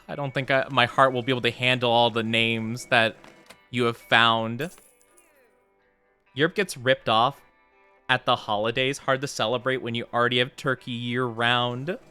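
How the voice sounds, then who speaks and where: Here the male VTuber speaks in a mid-range voice that comes across bright and forceful, with a clean tone. He provides live gameplay commentary, reads his chat, and gets playfully flustered denying their teasing.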